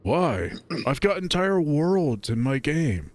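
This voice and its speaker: A man's voice: fairly high pitch, very animated, slow, no echo. A man voicing a bulky, shy young male ram gamer in a visual novel read-aloud, in a grumbly, reluctant manner. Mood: deadpan.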